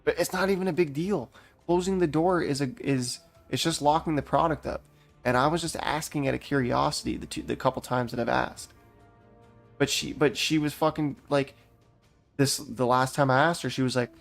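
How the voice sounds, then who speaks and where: A man's voice: medium pitch, moderate pace, gravelly, soft background music. A young man from Canada rambling through a profane, heated story while gaming, often restarting his sentences. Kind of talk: casual rant while gaming.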